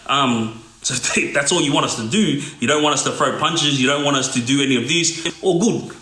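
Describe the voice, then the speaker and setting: In a brisk, bright, forceful voice on the high side, a middle-aged man who used to be in a gang casually recounts stories in an echoey room. This storytelling monologue is peppered with "yeah?" check-ins.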